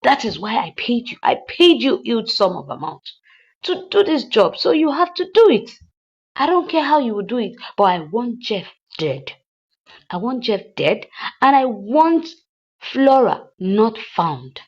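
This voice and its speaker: A woman voicing a furious rich woman who orders a killing, loud and repeating her demands. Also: on the high side, sing-song, a little slow, husky, highs cut off, voice pushed up, exaggerated voice.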